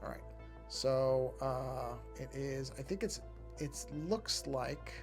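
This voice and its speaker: A man's voice: medium pitch, slow pace, creaky, darkish tone, soft background music. A man chatting casually to his live-stream chat while drawing, rambling and often breaking off to fix something. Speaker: art streamer.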